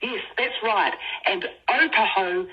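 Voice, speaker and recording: A woman's voice: mid-range voice, slow, slightly rough. Indignant New Zealand woman on a phone line. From Southland, New Zealand. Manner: firm, indignant.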